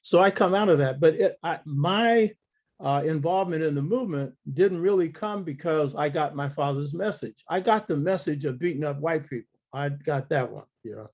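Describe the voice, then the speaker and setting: A man's voice: a little high, normal speed, darkish tone. Blunt older man telling stories. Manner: blunt, earthy storytelling with quoted dialogue. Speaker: interview guest telling family history. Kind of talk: storytelling interview.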